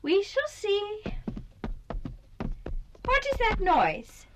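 A woman voicing a haughty, vain female doll who speaks in an imperious, disdainful drawl in an animated series. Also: very high voice, extremely slow, noisy background, full character voice.

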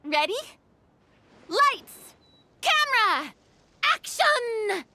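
A self-assured young film director barks orders on set in a very high, bright voice, as a woman plays her. She is theatrical and bossy, her pitch bouncing all over. This is a fan voice dub. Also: animated, unhurried, no echo, exaggerated voice. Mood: commanding.

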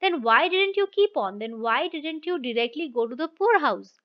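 A woman reading the part of an impatient, indignant wife who fires off sharp demanding questions. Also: sits high, moderate pace, natural voice. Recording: dull lo-fi recording.

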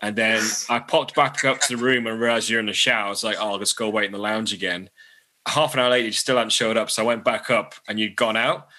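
A man from England reflecting on a past trip in relaxed chat, hedging with fillers. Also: lowish voice, fast talker. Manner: thoughtful, hedging with you know and sort of. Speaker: travel vlogger looking back.

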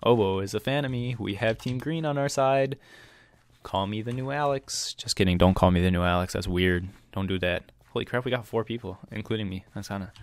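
Low-voiced young man commentating a game. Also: fairly quick. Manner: excitable, jokey, trash-talking, yelps when hit. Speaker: gameplay commentator. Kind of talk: casual let's-play commentary. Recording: faint keyboard clicks behind.

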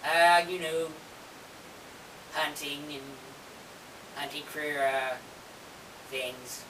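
A shy male coyote puppet mumbles and hesitates, filling his answers with pauses, as a woman acts him out. The talk is slow and quiet. It is recorded from across an echoey room, with faint hiss behind it. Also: deep voice, fairly even intonation, distant mic, voice pushed down. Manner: hesitant, mumbling, lots of fillers.

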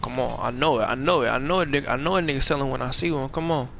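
A man's voice: medium pitch, racing, vocal fry, fairly bright tone, slight background noise. A man giving casual gameplay commentary, rambling along in profane, slangy, laid-back talk. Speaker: gamer streaming a playthrough.

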